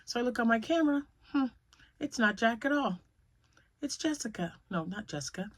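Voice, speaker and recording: This crochet vlogger, a woman in her fifties and a grandmother, speaks at normal speed in an expressive, highish voice with no room sound. She rambles through stories to her viewers in a casual way, laughing a lot.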